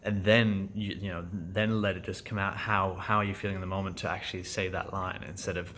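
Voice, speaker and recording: A man with a German accent talking through his acting class in a casual vlog, thoughtful and halting, with many fillers and restarts. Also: low-pitched, little pitch movement, a bit bright, a little hiss or hum. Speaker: actor vlogging about acting class.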